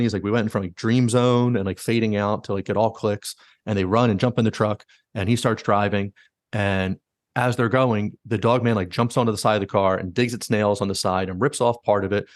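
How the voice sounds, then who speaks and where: A man's voice: on the low side, fairly even intonation, a little fast, no echo, studio quality. A man hosting a podcast, casually retelling stories with many likes and quoted asides. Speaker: podcast host. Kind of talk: casual storytelling.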